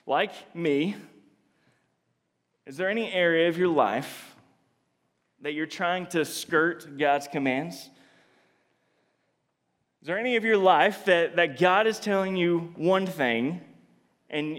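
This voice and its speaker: Earnest preacher, man, in a reverberant hall. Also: fairly high pitch. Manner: earnest, confessional, frequent restarts, swings between soft and emphatic. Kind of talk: sermon.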